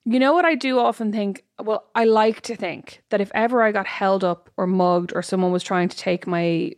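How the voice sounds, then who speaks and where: A woman's voice: mid-range voice, fairly even intonation, moderate pace, dry recording, clean studio sound. A woman co-hosting a casual chat podcast, blunt and self-mocking, laughing often. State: pregnant. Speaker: podcast co-host.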